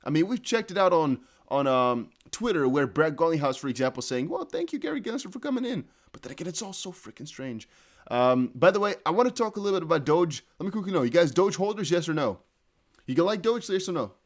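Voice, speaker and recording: A man hosting a casual live crypto news stream, excitably thinking aloud as he reads viewer chat and posts. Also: fairly high pitch, fast talker. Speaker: crypto news livestream host.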